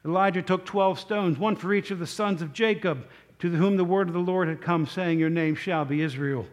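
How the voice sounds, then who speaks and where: A man's voice: high-pitched, steady tone, moderate pace. A man preaching a sermon, telling a story in a conversational way with many rhetorical questions to the congregation.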